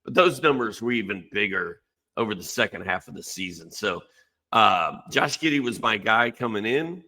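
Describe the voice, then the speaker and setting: A man co-hosting a fantasy basketball podcast from a home office, relaxed and easygoing, telling stories. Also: fairly low pitch, normal speed. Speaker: co-host, fantasy basketball analyst. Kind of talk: casual sports podcast chat.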